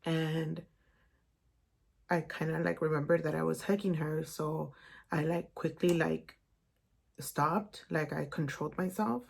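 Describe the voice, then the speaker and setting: Young woman, vlogger, low voice, gravelly fry, halting emotional storytelling, lots of fillers. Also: steady tone. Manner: emotional, halting retelling with many "like" and "um". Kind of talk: personal storytime vlog.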